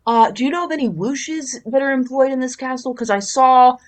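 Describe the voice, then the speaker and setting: A woman's voice: high voice, brisk. A woman player in a tabletop game, playful and fond of wordplay. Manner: playful, punning. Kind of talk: casual tabletop play.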